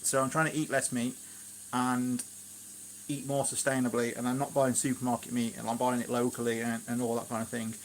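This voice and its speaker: A man's voice: mid-range voice, flat delivery, fairly quick, a little hiss or hum. A man with a Shropshire accent, chatting casually and rambling with asides at home in his kitchen during a live stream. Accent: Shropshire English. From England, Shropshire. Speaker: gardening vlogger, live streamer.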